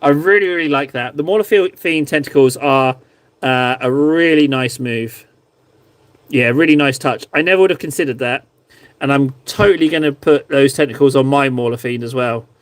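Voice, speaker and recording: A man's voice: mid-range voice, moderate pace, no echo. A man chatting casually on a live stream, reviewing viewers' painted miniatures in a rambling, self-mocking, playful way.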